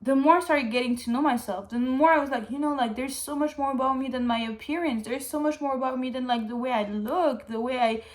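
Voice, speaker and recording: A woman talks straight to her viewers in a loose, wandering chat, her voice sitting a little high. She is candid and a bit emotional, leaning on "like" and dropping the odd swear word. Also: a little fast, few pauses. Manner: rambling and candid, heavy on "like" fillers; swears freely. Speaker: vlogger. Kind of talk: casual chat.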